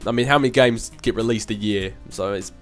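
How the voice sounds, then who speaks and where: A man's voice: lowish voice, a little fast, fairly bright tone, faint music behind. A young man hosting his channel, casually answering viewer questions in a chatty, rambling way with frequent laughs. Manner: chatty, rambling, laughs often, with filler hums. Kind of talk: casual Q&A chat.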